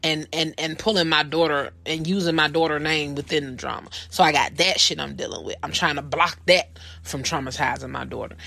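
A woman's voice: sits low, vocal fry, sharp tone, no room sound. A woman in her thirties hosting a personal podcast, telling a story in a blunt, profane, heated way. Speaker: podcast host.

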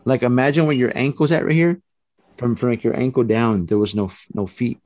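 A middle-aged man casually telling a story, animated and rambling, with restarts and acted-out quotes. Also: medium pitch, fairly quick, no echo.

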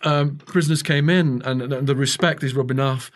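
Picture a middle-aged English man as a podcast guest, spinning a long tale with real momentum. He jumps into the quoted lines of the people in his story. His voice sits at an ordinary pitch for a man. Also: moderate pace. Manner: animated storyteller acting out quoted dialogue. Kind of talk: storytelling interview.

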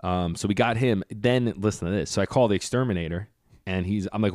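Low-voiced man with a radio voice. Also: fast, a little mellow, no echo, studio quality. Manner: storytelling, jokey, says he can't help a radio voice. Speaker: podcast co-host. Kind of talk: casual chat.

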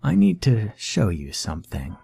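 A man's voice: fairly low pitch, wildly swooping pitch, moderate pace, gravelly, warm tone, slightly rough, soft background music, full character voice. A man voicing a towering, jovial bear-like male creature who speaks in a friendly, genial way. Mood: beckoning.

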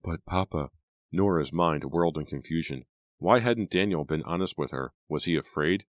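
A man narrating an audiobook in a steady, dramatic storytelling manner. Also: rumbling low, normal speed, no room sound, studio quality. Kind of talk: scripted narration.

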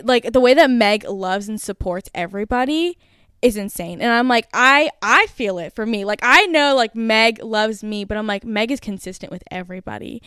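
A young woman in her twenties hosting a podcast, telling a story in a lively rush full of fillers. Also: medium pitch, clean tone, no room sound, studio quality. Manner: animated, breathless, full of "like" fillers. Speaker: podcast host. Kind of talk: casual storytelling.

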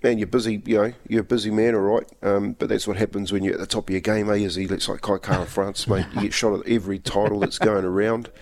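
A man's voice: fairly low pitch, flat delivery, quick pace, hardly any pauses, a little mellow. A man, co-hosting a sports podcast, teasing and telling stories. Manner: teasing, storytelling. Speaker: podcast co-host. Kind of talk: casual sports chat.

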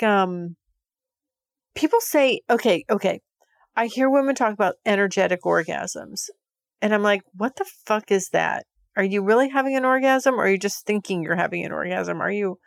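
A woman's voice: mid-range voice, gravelly, dry recording, clean studio sound. A woman hosting a podcast, talking frankly in a rambling monologue full of filler words. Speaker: podcast host. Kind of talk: candid monologue.

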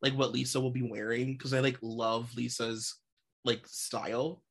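A woman's voice: extremely low pitch, little pitch movement, moderate pace. Woman just chatting and gossiping, pretty emphatic. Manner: chatty, laughs often, emphatic. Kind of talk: casual chat.

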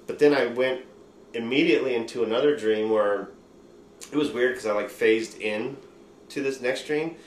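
A man's voice: medium pitch, normal speed. A man hosting a podcast, telling a rambling, profane story in loose casual chat. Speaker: podcast host. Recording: roomy room with faint noise.

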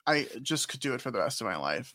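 A man co-hosting a casual podcast recap, who retells episodes with sarcastic, animated storytelling. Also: mid-range voice, fast talker, no room sound, studio quality. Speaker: podcast co-host.

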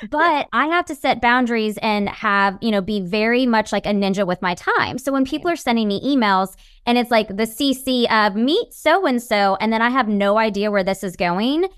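A woman guest in an interview, giving advice in an upbeat, animated way. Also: a little high, normal speed, few pauses, smooth, dry recording, clean studio sound. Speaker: guest, networking expert. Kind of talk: casual interview chat.

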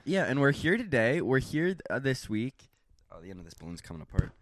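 A man's voice: medium pitch, big pitch swings, fairly quick. A man co-hosting a podcast in casual chat, goofy and rambling. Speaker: podcast co-host.

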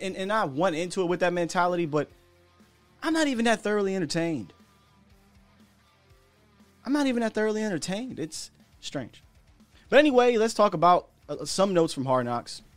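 A man's voice: sits high, no echo. Candid man chatting football, dry sound. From United States. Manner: chatty and candid, slangy, chuckles between points. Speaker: podcast host. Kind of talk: casual sports talk commentary.

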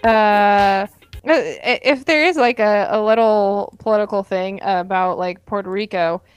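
A tired woman co-hosting a podcast, speaking slowly and hesitantly. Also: medium pitch, clear, resonant tone, no echo, soft background music. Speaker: podcast co-host. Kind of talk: casual podcast chat.

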